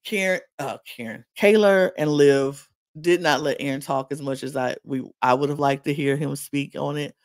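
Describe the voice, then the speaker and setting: A podcast co-host giving a casual reality-TV recap. The speaker sounds incredulous and animated and repeats lines for emphasis. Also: mid-range voice, moderate pace, dry recording.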